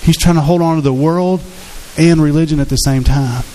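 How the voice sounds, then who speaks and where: A man's voice: a little high, fairly quick, mellow, low-quality recording. A man preaching a sermon as pastor, earnest and conversational, acting out quotes from his congregation.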